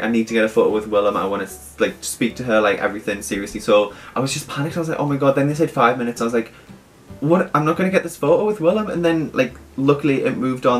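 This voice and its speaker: A young man, telling an excited storytime vlog and gushing as he quotes the people he met. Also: medium pitch. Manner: gushing, animated, quotes others in lively asides. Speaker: vlogger.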